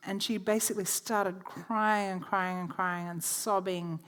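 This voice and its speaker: A woman's voice: mid-range voice, steady tone, a little slow, a bit bright, smooth. A woman presenting a church workshop. She teaches through chatty personal stories and laughs easily.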